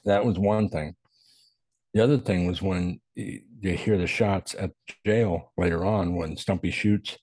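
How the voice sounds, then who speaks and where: A man with a very deep, slightly husky voice chatting about an old western on a podcast. He sounds relaxed and reflective and laughs easily, and the close mic keeps his voice dry. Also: a little slow, no echo. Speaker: podcast co-host. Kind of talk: casual movie discussion.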